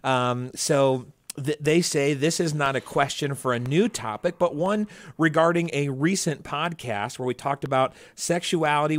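A man's voice: mid-range voice, no echo. Upbeat male podcast host. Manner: upbeat, laughs easily, many fillers. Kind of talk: casual podcast chat.

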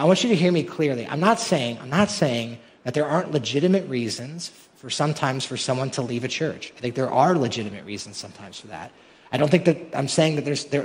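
A male pastor preaching a sermon with rhetorical questions that build to emphatic peaks. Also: mid-range voice. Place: large church hall. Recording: long hall reverb.

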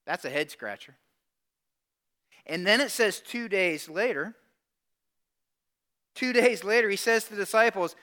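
A man preaching a sermon, telling a story in an animated, conversational way and acting out the people in it. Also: sits high, unhurried, pauses often. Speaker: pastor.

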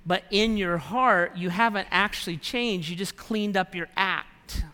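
A man's voice: high-pitched, unhurried, bright, forceful tone. A man preaching a sermon in a conversational way, acting out the prayers and thoughts of his listeners. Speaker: pastor. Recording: long hall reverb.

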